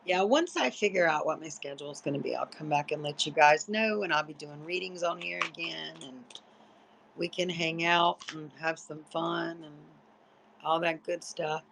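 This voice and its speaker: Tired, chatty woman with a gravelly edge, loose profane late-night stream talk. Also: low-pitched, fairly bright tone, low-quality recording. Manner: chatty, rambling, salty and profane. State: sleepy, yawning. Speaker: livestreamer. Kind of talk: casual late-night livestream chat.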